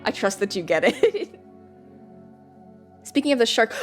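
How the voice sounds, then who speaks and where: A woman's voice: a little high, big pitch swings, unhurried, long pauses, faint music behind. A young woman streaming from home, chatting casually and rambling with lots of fillers and giggles. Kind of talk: casual live-stream chat.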